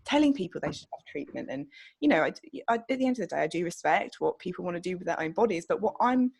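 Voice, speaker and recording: A woman's voice: lowish voice, expressive, fast talker, darkish tone, breathy edge. A woman co-hosting a podcast in casual chat, blunt and outspoken, swearing freely. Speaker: podcast co-host.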